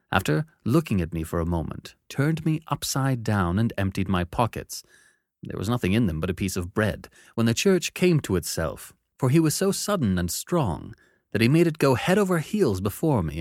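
Deep-voiced man reading a classic novel. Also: no echo, clean studio sound. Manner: expressive first-person storytelling, measured and dramatic. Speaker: narrator. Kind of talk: scripted narration of a classic novel.

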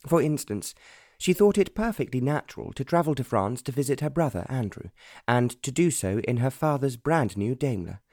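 A man narrates a historical romance audiobook with a measured, even delivery. His voice is warm and mellow, and the recording is close and very dry, with no room sound. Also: mid-range voice, no echo. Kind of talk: scripted narration.

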